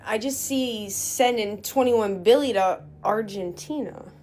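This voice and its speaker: A woman's voice: mid-range voice, a little slow, darkish tone, soft background music. A woman speaking indignantly.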